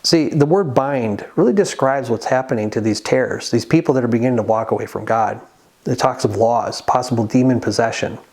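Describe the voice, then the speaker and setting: A man preaches in a relaxed, conversational way, as if talking straight to the viewer. He stops often to read passages of scripture aloud, then explains them in plain words. His voice sits at an ordinary middle pitch. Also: fairly quick, slightly rough. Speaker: Christian channel host. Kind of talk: sermon-style monologue.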